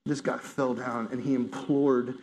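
A man's voice: medium pitch, level tone, unhurried, a little mellow, a little hiss or hum. A man preaching a sermon to a congregation, earnest and building to intense emphasis.

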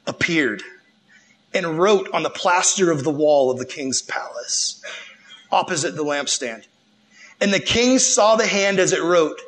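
A young man giving a casual, slangy sermon, retelling a scripture story and acting out the characters' lines. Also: fairly high pitch. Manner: animated, slangy, acts out the characters. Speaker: preacher.

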